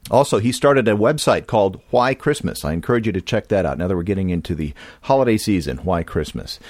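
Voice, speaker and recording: A man's voice: on the low side, lively intonation, quick pace, darkish tone, dry recording, clean studio sound. A man from California hosting a podcast in a casual, rambling monologue with many restarts. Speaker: podcast host.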